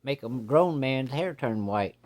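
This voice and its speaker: A man voicing an older rural hunter in a story, gruff, blunt and superstitious, with folksy talk. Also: medium pitch, lively intonation, unhurried, darkish tone, voice pushed up, close to an everyday voice.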